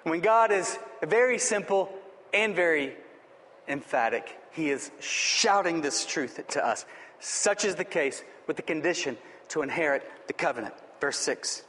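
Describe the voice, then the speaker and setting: Male pastor, high voice, emphatic repetitive sermon delivery, long hall reverb. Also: lively intonation, moderate pace, a bit bright. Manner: emphatic, repetitive preaching with rising exhortations.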